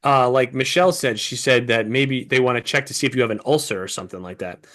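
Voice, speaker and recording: A man's voice: medium pitch, fast. A man co-hosting a podcast, chatting casually and a bit short of breath, swearing often and acting out what he said. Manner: profane, storytelling, animated quoting. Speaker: podcast co-host. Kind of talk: casual chat.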